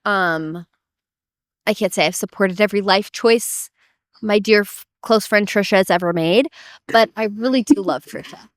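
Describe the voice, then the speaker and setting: Chatty woman co-host rambling and teasing, mid pitch, dry close mic. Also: normal speed, no room sound. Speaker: podcast co-host. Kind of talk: casual chat.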